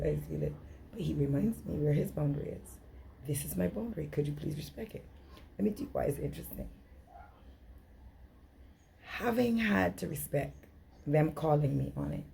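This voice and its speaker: A middle-aged relationship coach with a deep, gravelly, warm voice gives an earnest, emphatic workshop talk, often acting out dialogue. There's slight background noise.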